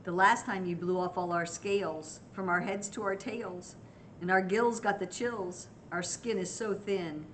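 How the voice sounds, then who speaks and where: A woman's voice: medium pitch, fairly even intonation, measured pace, slight background noise, close to an everyday voice. An older woman voicing worried fish in a storybook, pleading politely.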